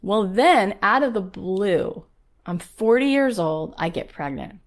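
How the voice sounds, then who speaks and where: A woman's voice: medium pitch, expressive, takes it slowly. A woman in her forties, a podcast host, telling a personal story to her listeners in an earnest, emotional way, often asking "right?" and saying "like". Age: 40s. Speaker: podcast host and business coach.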